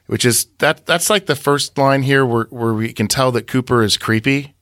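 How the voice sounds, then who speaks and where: A man's voice: medium pitch, moderate pace, hardly any pauses, fairly bright tone, no echo, studio quality. A man co-hosting a podcast, recapping and analyzing scenes in a meandering, self-correcting way. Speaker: podcast co-host. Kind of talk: casual podcast discussion.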